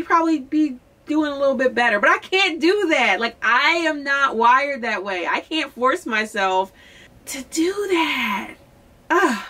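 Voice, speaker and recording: A young adult woman from Philadelphia, a singer-songwriter, telling a candid story to camera in a chatty, animated way. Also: on the high side. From Philadelphia, USA. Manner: chatty, candid, animated, quotes people in lively voices.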